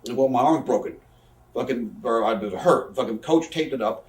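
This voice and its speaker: A man's voice: medium pitch, darkish tone, distant mic. A man in his thirties, an interview guest telling profane stories and acting out what others said. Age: 30s. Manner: profane, rapid storytelling that acts out quoted people. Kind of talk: casual storytelling in a shoot interview. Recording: roomy echo, speaker off-mic.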